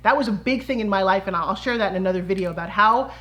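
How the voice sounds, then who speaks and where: A middle-aged woman, a fitness entrepreneur, telling her personal story to camera in a lively way and acting out the quoted voices. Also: mid-range voice, quick pace. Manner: animated, acts out quoted voices.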